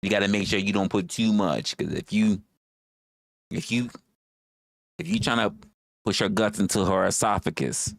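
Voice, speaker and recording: A man's voice: fairly low pitch, normal speed, gravelly, long pauses, dry recording, clean studio sound. A man hosting a livestream, talking casually in a rambling, profane way and repeating his phrases. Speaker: livestream host.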